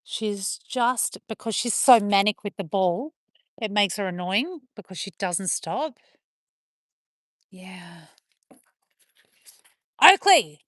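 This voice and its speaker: A woman chatting with viewers on a livestream while playing with her dogs, slipping into high sing-song praise for them. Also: a little slow, dry recording, clean studio sound. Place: outdoors on a rural property with dogs.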